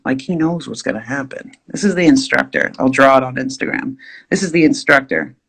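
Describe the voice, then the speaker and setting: A woman's voice: rumbling low, fairly quick, creaky, fairly bright tone, husky. A woman vlogger telling a rambling, exaggerated story while she draws.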